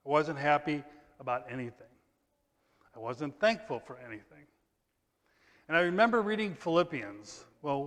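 A man preaching a sermon in a conversational way, reading scripture loudly and emphatically, then dropping to quiet asides. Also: on the high side. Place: church sanctuary. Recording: long church reverb.

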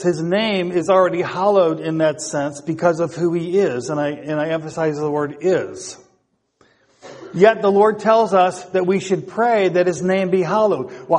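A man's voice: high voice, a little mellow, long reverb tail. A man preaching a sermon who often asks rhetorical questions and repeats his phrases.

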